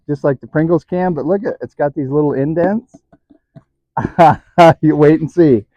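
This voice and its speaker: A man's voice: on the high side, unhurried, dry recording, muffled recording. A man hosting a casual hands-on DIY vlog in his workshop, chatty and self-mocking, often chuckling as he demonstrates. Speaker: DIY channel host.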